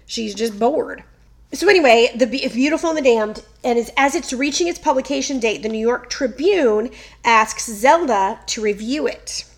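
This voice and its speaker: A woman hosting a casual chat, telling a story in an animated way and reading quotes aloud playfully. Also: fairly high pitch, moderate pace. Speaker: podcast host.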